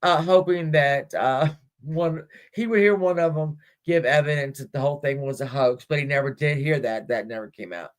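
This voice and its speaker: A woman's voice: low-pitched, normal speed. A woman hosting a livestream, casually retelling a story and giggling as she reads. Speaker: livestream host.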